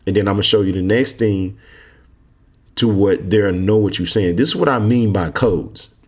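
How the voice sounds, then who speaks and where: A man from Texas, working as an online course mentor, casually leads viewers through a form on screen at normal speed. His lowish, darkish voice has a breathy edge, and he's confident and emphatic, repeating himself often.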